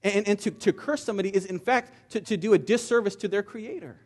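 A man preaching a sermon with a slightly raised pitch. His delivery is fervent and earnest, with halting repeats as he presses each point home. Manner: impassioned preaching with frequent word repeats. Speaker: pastor.

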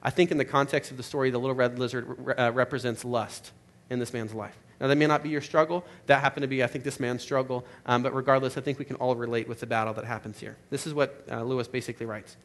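A man's voice: mid-range voice, steady tone, fast talker, hardly any pauses. A man preaching a sermon in an earnest, conversational way, with some fillers. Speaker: pastor.

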